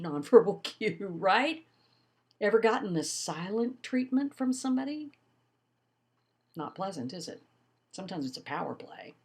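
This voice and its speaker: An older woman giving a recorded college lecture, teaching in an expressive way with lively emphasis. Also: medium pitch. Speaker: college instructor.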